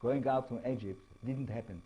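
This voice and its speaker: A man with an Israeli accent lecturing as an author, speaking halting English and often checking in with tag questions. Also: mid-range voice, warm tone, slightly rough, low-quality recording. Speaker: author giving a talk. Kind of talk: lecture to an audience.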